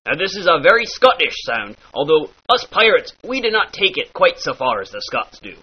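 Slightly rough and a little high, this man's voice is very animated and moves at a moderate pace. As an accent teacher, he playfully teaches pirate talk in mock-archaic phrasing, showing how each sound is made, captured on a dull lo-fi recording.

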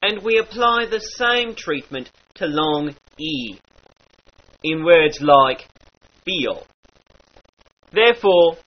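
A man teaching the sounds of an old-style dialect, with slow demonstrations and mock-archaic phrasing. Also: on the high side, lively intonation. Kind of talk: instructional lesson with example phrases. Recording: dull lo-fi recording.

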